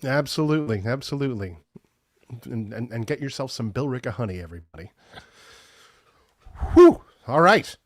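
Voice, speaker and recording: A man's voice: mid-range voice, sing-song, normal speed, pauses often, no echo, clean studio sound. A man hosting a virtual open mic, introducing performers with upbeat, slightly stumbling patter.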